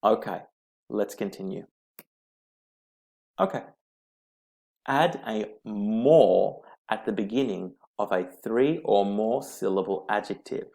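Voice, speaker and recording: A male English teacher works through grammar slides at an unhurried pace. His voice has a gravelly, fry-edged texture, and he spells out each rule letter by letter with patient repetition. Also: fairly low pitch, expressive, warm tone. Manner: slow, patient, repeats rules letter by letter. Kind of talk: slide-based grammar lesson.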